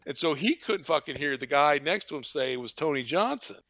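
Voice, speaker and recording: A man hosting a podcast, telling a profane comic story in an animated way. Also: fairly high pitch, a little fast, no room sound. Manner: animated, swearing, laughing. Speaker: podcast host.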